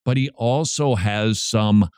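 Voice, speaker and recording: A man hosting a radio show, commenting on a recorded sermon in a slow, emphatic way with wry humor. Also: lowish voice, a little mellow, clean tone, no room sound, clean studio sound.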